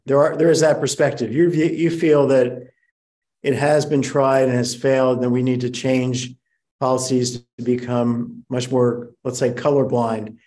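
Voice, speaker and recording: A man from Philadelphia hosting a podcast interview, pushing back on his guest with measured hedging. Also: mid-range voice, level tone, a little mellow. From Philadelphia, USA. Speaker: podcast host.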